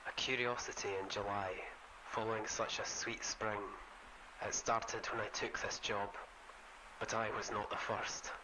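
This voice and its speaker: A man quietly reading a diary entry in a horror game in a flat, ominous tone. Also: fairly low pitch, unhurried, slight background noise, poor audio.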